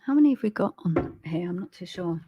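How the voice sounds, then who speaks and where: A British woman giving live spiritual readings on a stream, speaking gently with many ums and restarts. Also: on the low side, expressive, highs cut off, background noise. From Britain. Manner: halting, full of ums and restarts, gentle and soothing. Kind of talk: live-stream psychic reading, casual and chatty.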